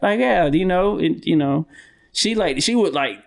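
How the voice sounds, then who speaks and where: A man's voice: fairly high pitch, lively intonation, unhurried. A man co-hosting a podcast in casual chat, rambling and profane, with many restarts. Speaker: podcast co-host.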